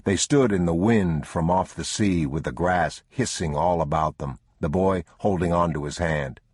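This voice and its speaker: A man narrating an audiobook in a measured, unhurried way. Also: deep voice, darkish tone, breathy edge, no echo, studio quality. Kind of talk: scripted narration.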